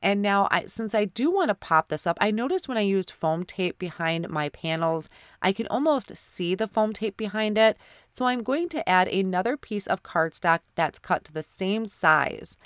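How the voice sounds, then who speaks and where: A woman's voice: mid-range voice, lively intonation, normal speed, no room sound, studio quality. A woman hosting a card-making tutorial, narrating each step with a stuffy nose from a head cold. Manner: apologetic, step-by-step explaining. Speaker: card-making channel host. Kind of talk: crafting tutorial voice-over.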